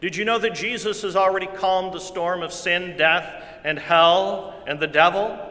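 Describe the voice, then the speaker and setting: Man preaching a sermon, fairly bright voice, earnest and repetitive, recorded in a reverberant church hall. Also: sits high, steady tone, brisk. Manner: earnest preaching with repeated phrases, swings from loud to hushed. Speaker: pastor.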